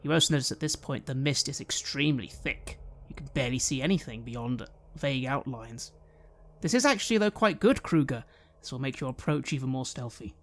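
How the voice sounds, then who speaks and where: A man narrating a tabletop role-playing game as game master, measured and descriptive. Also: mid-range voice, animated, fairly bright tone.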